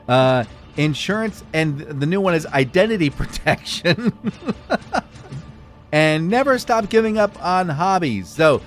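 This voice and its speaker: A man's voice: on the high side, unhurried. A middle-aged man co-hosting a podcast, running through news items in a casual, jokey way. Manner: animated, jokey, drops into mock voices. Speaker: podcast co-host. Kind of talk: casual news roundup chat.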